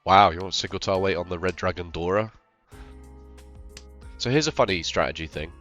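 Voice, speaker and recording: Over soft game music, a sick game streamer with a very deep voice speaks briskly about his gameplay, and the audio sounds dull. He rambles casually, thinking aloud and teasing himself over his choices.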